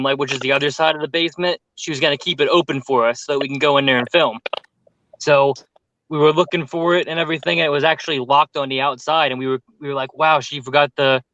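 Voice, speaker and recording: A man telling a story with lots of fillers in casual chat on a group call, animated and talkative. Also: on the high side, lo-fi sound. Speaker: paranormal youtuber telling a story.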